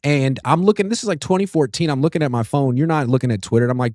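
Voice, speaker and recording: A man's voice: medium pitch, rapid-fire, a little mellow, no echo, clean studio sound. A man in his thirties hosting a casual sports talk show, reading viewer comments in an easygoing way. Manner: easygoing, reads super chats aloud.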